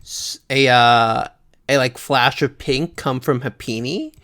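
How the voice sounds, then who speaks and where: A man's voice: medium pitch, takes it slowly, sharp tone. A man co-hosting a podcast, chatting casually through an episode recap with frequent laughs and many fillers. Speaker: podcast co-host.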